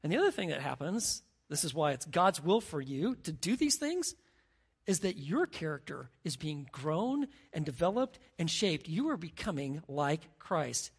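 A pastor preaching a sermon in a lively way, acting out everyday scenes and often checking in with the congregation. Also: mid-range voice, normal speed, slightly rough. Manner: animated, acts out scenes, asks the crowd "right?".

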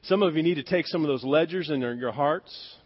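A man preaching a sermon with emphatic delivery, dropping to near-whispers and rising to stressed loud words, asking the congregation to repeat phrases after him. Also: on the high side, brisk, slightly rough. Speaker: pastor. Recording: dull lo-fi sound.

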